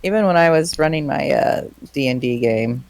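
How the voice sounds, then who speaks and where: A woman's voice: sits low, lively intonation, normal speed, creaky, a little mellow, slight background noise. A woman joining a casual podcast chat about gaming.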